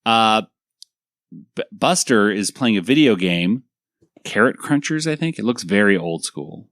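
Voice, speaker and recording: A man hosting a cartoon review podcast, talking in a low voice with lots of ums and asides. The sound is close and dry, with no room echo. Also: expressive, a little slow, a bit bright. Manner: rambling, many fillers, laughs easily. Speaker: podcast host. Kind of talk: casual episode review chat.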